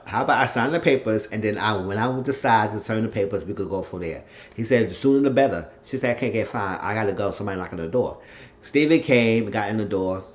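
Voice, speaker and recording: A man casually recapping a TV episode, retelling the scenes as quoted dialogue with profane, excitable asides. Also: lowish voice. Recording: dull lo-fi recording.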